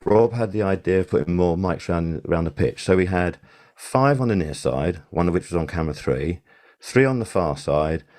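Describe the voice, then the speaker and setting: Older male guest, deep and mellow voice, chatty storyteller who restarts often. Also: lively intonation, moderate pace. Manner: rambling anecdotes with many fillers and restarts. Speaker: podcast guest, sound supervisor. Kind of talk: casual interview.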